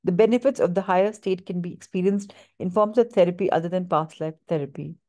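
Woman, reading aloud, low pitch, mellow, steady, small stumbles. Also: fast.

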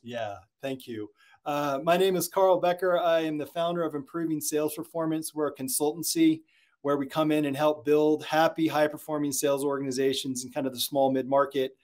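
Guy on a sales podcast telling stories, kinda high voice, gets loud n excited. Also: fairly quick. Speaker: sales consultant and author, guest. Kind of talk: podcast interview, storytelling.

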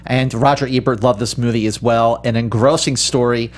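A man's voice: medium pitch, fairly even intonation, normal speed. A man co-hosting a film podcast in casual chat, playful and emphatic, stretching out his stressed words.

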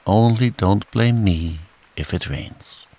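A man's voice: lowish voice, takes it slowly, mellow. Eeyore, as a man puts him on, a gloomy donkey. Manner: mournful, dry, self-pitying. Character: gloomy old male donkey, sulky and self-pitying.

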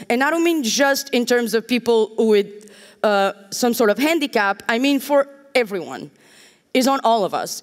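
A woman from Portugal giving a conference talk on a stage, joking and candid with wry asides. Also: a little high. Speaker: conference speaker. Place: large conference hall. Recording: hall reverb from a stage.

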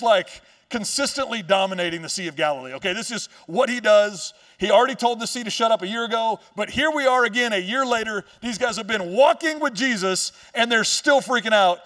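A male pastor with a high voice preaching in a loose, joking storyteller manner. He turns the story over with quick asides and playful lines. His voice sounds a little away from the mic. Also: fairly bright tone, recorded from a distance. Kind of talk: sermon. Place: church stage.

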